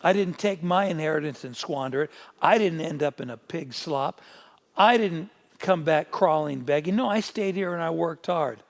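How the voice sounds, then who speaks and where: Male pastor as a grown older brother, resentful and complaining, gravelly, in a sermon. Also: a little high, moderate pace. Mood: aggrieved. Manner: indignant complaining speech read out in a sermon.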